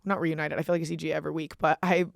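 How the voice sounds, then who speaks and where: A young woman hosting a podcast, telling animated, profane stories in casual chat. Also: deep voice, rapid-fire, vocal fry, no echo, clean studio sound. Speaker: podcast host.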